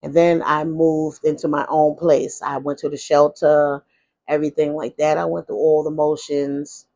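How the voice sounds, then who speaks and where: A woman's voice: sits low, flat delivery, moderate pace, darkish tone. Woman vlogger confiding her life story; loose, frank, full of restarts. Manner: rambling and frank, with many restarts and asides. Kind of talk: candid casual storytelling.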